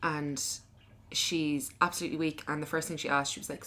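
Bright, brash young woman. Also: sits low, level tone, brisk, slight background noise. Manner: brash, swears, laughs easily. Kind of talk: casual podcast chat.

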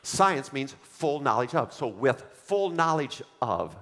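Guy preaching a sermon, punchy and repetitive, mid pitch, big echoey church hall. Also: sing-song, takes it slowly, a bit bright. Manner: emphatic preaching with repeated refrains; leads the congregation in reading aloud. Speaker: pastor. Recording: long hall reverb.

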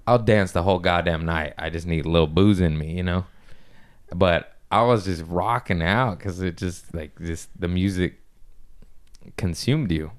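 A man hosting a casual podcast, telling loose, profane stories and acting out quotes with a lively voice. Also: low-pitched, normal speed, smooth. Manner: loose storytelling, swearing, lively impressions in quotes. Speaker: comedian podcast host. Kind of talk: casual chat.

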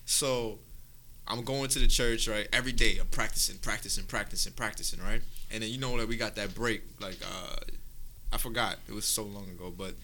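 A man's voice: lowish voice, fairly quick, pushed and bright, a little hiss or hum. A young man casually telling a long, profane story to friends, often checking in with "right?". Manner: rambling, profane, tags lines with "right?".

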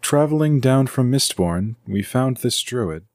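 A man's voice: mid-range voice, lively intonation, unhurried, darkish tone, no room sound, studio quality, voice pushed up. A man voicing a chatty young male elf adventurer in an audio story.

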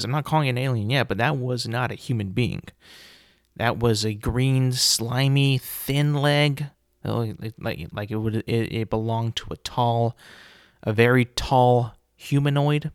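A man's voice: fairly low pitch, dry recording. Rambling man retelling a film, dry sound. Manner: rambling, animated retelling with frequent fillers and casual swearing. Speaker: podcast host. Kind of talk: casual podcast monologue.

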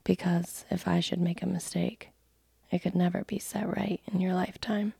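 A woman voicing a gruff, suspicious male coach guard who speaks in rustic dialect, in a whispered role-play. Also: lowish voice, little pitch movement, normal speed, mellow, dry recording, studio quality, full character voice.

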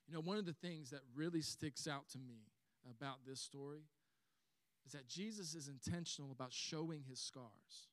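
Animated pastor, high voice. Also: male voice, normal speed, dry recording. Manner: animated storytelling with chuckles. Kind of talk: sermon.

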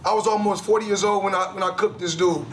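A cocky boxer scoffs at an old rival and laughs through his brags, as a man puts on the voice. The voice sits high. A loud crowd roars behind him. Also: steady tone, quick pace, close to an everyday voice. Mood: boastful. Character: boastful male boxer mocking a past opponent.

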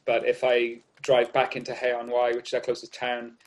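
A man's voice: medium pitch, monotone, normal speed. A middle-aged man from Wales with a light South Walian accent, talking casually as an interview guest, rambling with many restarts. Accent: South Walian, Cardiff. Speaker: guest artist. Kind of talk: casual conversation.

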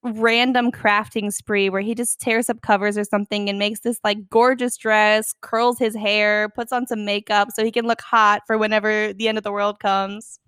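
A young woman chatting casually about a film, animated and acting out quotes. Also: medium pitch, normal speed, hardly any pauses, clean tone, no echo, studio quality. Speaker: podcast co-host.

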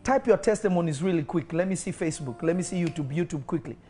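A pastor leading a live-streamed deliverance prayer, giving commanding declarations mixed with speaking in tongues, swelling to loud fervent peaks and dropping to quick murmurs. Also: mid-range voice.

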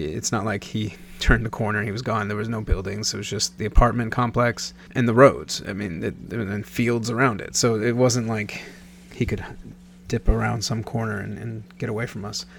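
Man, thirties, from Nebraska; low gravelly voice; casual rambling storyteller who self-corrects often; faint hum in background. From Nebraska, USA.

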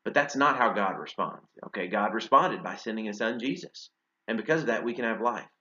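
A man's voice: lowish voice, animated, fairly quick, sharp tone. A man preaching a sermon in a conversational way, asking rhetorical questions and using casual fillers. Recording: roomy and slightly dull sound.

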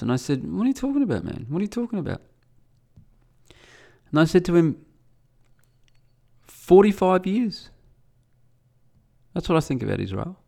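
A man's voice: on the low side, gravelly. A middle-aged man, hosting a solo monologue in a blunt, combative and profane way. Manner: blunt, combative and profane, grows heated and loud.

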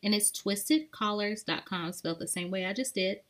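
A woman's voice: medium pitch, normal speed. A woman co-hosting a podcast in a casual, rambling chat, with lots of "like" fillers. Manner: chatty and rambling, with many "like" fillers. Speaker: podcast co-host.

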